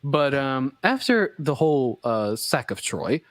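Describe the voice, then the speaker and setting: A man's voice: mid-range voice, big pitch swings, unhurried, no room sound, studio quality. A young man co-hosting a casual live stream, joking and slangy with lots of "like" fillers. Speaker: co-host.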